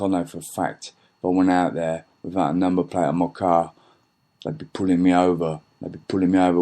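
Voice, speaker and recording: A middle-aged man delivers an angry, rambling rant, cursing freely and circling back on his own words. His voice sits low and heavy. He talks to listeners like a podcast host letting off steam. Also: darkish tone. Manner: angry, profane, rambling with repeated restarts. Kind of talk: ranting monologue.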